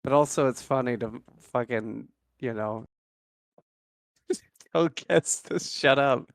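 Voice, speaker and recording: A man's voice: mid-range voice, takes it slowly, gravelly, dry recording. A man on a podcast in casual, laid-back banter, teasing the others. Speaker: podcast guest host.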